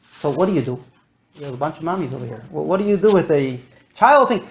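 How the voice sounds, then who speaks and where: A man lecturing to a live audience, animated and acting out his stories with big swings in his voice. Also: a little high, quick pace, slight background noise.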